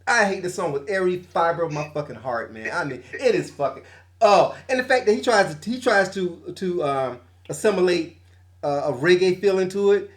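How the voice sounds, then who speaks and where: Man, high voice, podcast host, casual music chat, profane, laughing often. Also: expressive, normal speed.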